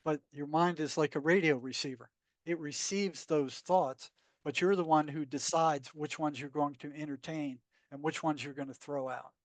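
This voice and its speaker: A man's voice: fairly high pitch, fairly even intonation, moderate pace, no echo. A man, a psychotherapist guest, telling stories in a blunt, emphatic way. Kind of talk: conversational storytelling.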